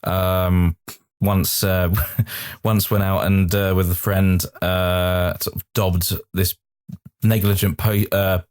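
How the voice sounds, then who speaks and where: Low-voiced man in halting podcast banter. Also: flat delivery, a little mellow, clear, resonant tone, dry recording. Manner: halting, many fillers and restarts. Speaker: podcast co-host. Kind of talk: casual comedy banter.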